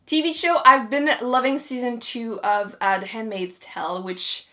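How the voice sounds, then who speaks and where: A young woman chatting casually to camera about her monthly favorites, giggling often and filling pauses with "uh" and "like". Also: on the high side, steady tone, pushed and bright. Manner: chatty, giggly, many fillers. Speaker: beauty vlogger.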